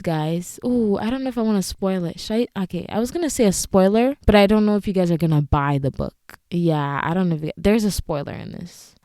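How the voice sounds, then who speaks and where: A woman's voice: medium pitch, dry recording, studio quality. A young woman chatting casually on her solo podcast, telling stories with lots of asides. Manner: chatty, animated storytelling with frequent asides. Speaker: podcast host.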